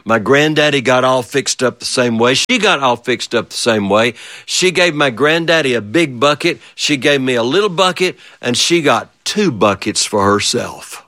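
A man spins a childhood tale with lively, repeating phrases and playful questions to his listeners. His voice sits at an ordinary middle pitch. The recording is dry and close, with no room sound. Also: moderate pace, dry recording. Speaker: storyteller. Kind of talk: oral storytelling of a childhood memory.

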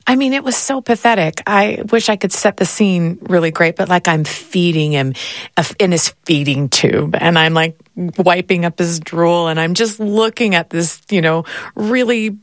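A middle-aged woman speaks candidly as a guest in a casual conversation, laughing easily. Her voice sits a little low. The sound is dry and close to the mic. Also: normal speed, dry recording. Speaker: podcast guest.

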